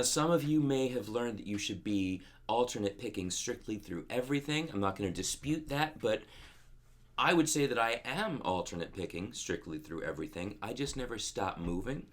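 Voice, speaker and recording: A man giving a guitar lesson in a calm, methodical way, counting beats and scatting rhythms aloud as he explains the parts. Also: fairly low pitch, moderate pace. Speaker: guitar teacher. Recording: music playing loud under the voice.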